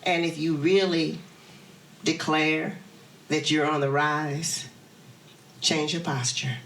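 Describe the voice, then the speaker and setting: A woman's voice: sits low, level tone, slow pace, a bit bright, a little hiss or hum. A woman pastor delivering a sermon and leading her congregation in call-and-response. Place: large church hall. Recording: echoey hall, from far off.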